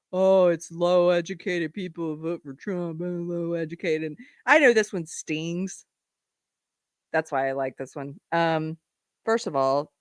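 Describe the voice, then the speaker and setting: Female host of a live commentary show: sarcastic, lively, a bit low-pitched, dry close sound. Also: no echo. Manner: sarcastic, animated, laughs often.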